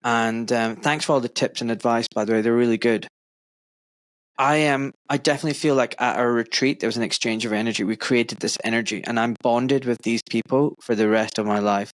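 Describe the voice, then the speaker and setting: A middle-aged Glaswegian man hosts a podcast in a dry, close recording. He talks in an earnest, effusive way, wandering through his thoughts with fillers. His pitch sits in the middle range. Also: fairly even intonation, brisk, dry recording. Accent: Glaswegian Scottish. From Scotland. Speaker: podcast host. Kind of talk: warm conversational interview.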